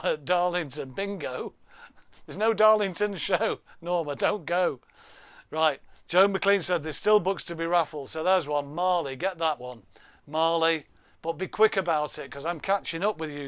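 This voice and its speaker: A man talks into his laptop webcam from a room at home, hosting a casual live stream. His voice sits a little high and the sound is dry and close. He chats and jokes, laughs often and reads out viewers' names and comments. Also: fairly bright tone, dry recording. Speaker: livestream host.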